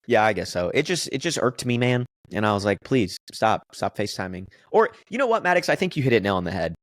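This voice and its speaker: A man's voice: mid-range voice, big pitch swings, fast, no echo. A man in his late twenties banters on a podcast in a loose, rambling way full of fillers. His voice sits mid-range and sounds dry and close to the mic. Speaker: podcast co-host. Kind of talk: casual chat.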